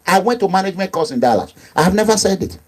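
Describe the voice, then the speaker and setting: Husky, high-voiced Nigerian man. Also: animated, racing, darkish tone. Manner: emphatic, repetitive, swings between low asides and raised outbursts. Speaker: activist movement leader. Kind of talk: impassioned monologue.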